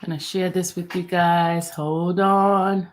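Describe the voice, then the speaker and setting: A woman's voice: on the low side, level tone, slow. A woman hosting a casual live stream, chatty and apologetic, with many fillers as she talks. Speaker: YouTube live streamer covering a court case.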